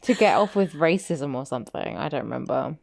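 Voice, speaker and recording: A woman's voice: low-pitched, lively intonation, brisk, creaky, darkish tone, no echo, clean studio sound. A young woman co-hosting a podcast, making joking asides and laughing often. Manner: joking, giggly, loose asides. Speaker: podcast co-host. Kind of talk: casual chat.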